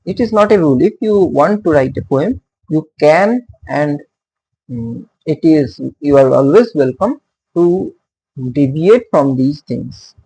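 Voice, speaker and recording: Slow, gravelly male literature teacher. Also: a little high, expressive, warm tone, low-quality recording. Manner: halting, with frequent fillers and "okay" checks; sounds out stress patterns aloud. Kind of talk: explanatory lecture.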